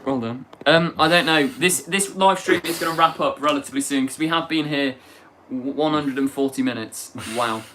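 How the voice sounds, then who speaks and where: A man's voice: a little high, normal speed, hardly any pauses, pushed and bright, slight background noise. Young man hosting a teasing live chat. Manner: teasing, reads chat aloud, laughs a lot. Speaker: livestream host. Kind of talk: casual live stream chat.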